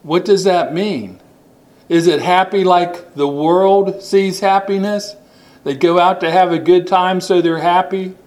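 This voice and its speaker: Male preacher, higher-pitched, unhurried sermon delivery with emphatic repetition. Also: fairly even intonation, a little mellow, low-quality recording. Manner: deliberate, stresses words and repeats them. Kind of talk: sermon with scripture reading.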